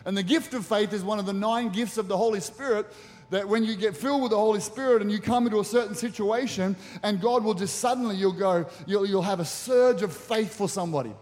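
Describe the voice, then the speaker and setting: A man preaching a sermon as pastor, animated and acting out the voices in the stories he tells. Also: high-pitched, fairly quick, few pauses. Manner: animated, acts out quotes in the story. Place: church auditorium. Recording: long reverb of a large church hall.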